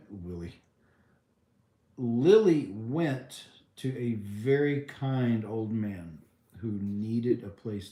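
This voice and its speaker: This livestream host has a fairly low, mellow voice that reverberates around him. Going through the chat, he answers viewers' comments with dry humor, meandering and often stopping to restart amid plenty of ums.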